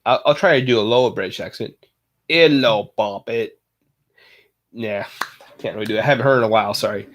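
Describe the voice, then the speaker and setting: A man livestreaming, chatting casually with viewers in a halting way, full of fillers and self-corrections. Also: on the low side, fairly bright tone. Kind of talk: casual live chat.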